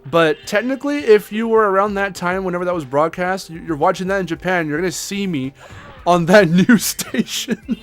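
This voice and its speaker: A man's voice: high-pitched, normal speed, faint music behind. A young man chatting casually as co-host, rambling, swearing and laughing often. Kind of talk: casual chat.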